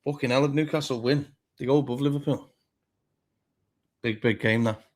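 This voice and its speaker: A man's voice: medium pitch, fairly even intonation, normal speed. A man on a football fan panel, talking bluntly, swearing a lot and getting heated. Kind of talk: casual fan chat.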